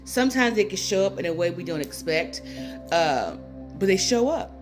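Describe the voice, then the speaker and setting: A woman's voice: medium pitch, lively intonation, moderate pace, music in the background. A woman in her fifties speaking into her phone in a rambling, personal way, near tears, full of fillers and asides. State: tearful, near crying. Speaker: spiritual channel host. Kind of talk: casual spiritual talk to viewers.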